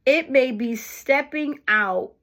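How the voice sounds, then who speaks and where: A woman talks in an unhurried, conversational way, often stopping to put questions to whoever is listening. Her voice sits fairly high for a woman. She sounds middle-aged and speaks at a slow, easy pace. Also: fairly bright tone. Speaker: vlogger. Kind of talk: casual motivational talk to camera.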